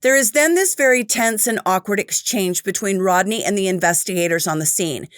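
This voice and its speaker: A woman hosting a true crime show, narrating and commenting in a measured, opinionated way. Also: mid-range voice, background noise.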